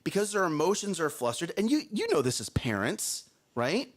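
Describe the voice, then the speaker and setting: A man's voice: a little high, moderate pace. A man in his thirties co-hosting a morning talk show, telling parenting stories emphatically and often checking in with "okay?". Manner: emphatic, animated storytelling with frequent "okay?". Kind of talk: casual talk show chat.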